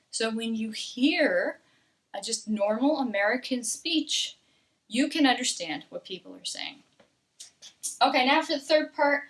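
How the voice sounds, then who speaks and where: A woman's voice: fairly high pitch, fairly bright tone. A woman from Texas, teaching an English pronunciation lesson. She speaks patiently and checks in with "okay?" again and again. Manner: patient, slow, repeats "okay?" often. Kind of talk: accent lesson.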